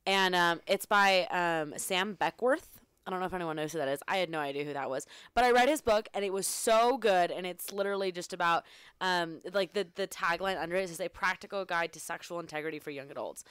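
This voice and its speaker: Young woman with a stuffy cold voice, lowish pitch, teasing her dad, dry close mic. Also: fairly quick, a bit bright, smooth, no echo. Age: young adult. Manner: teasing, chatty. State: nasal from a cold. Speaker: podcast co-host, daughter. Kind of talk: casual chat.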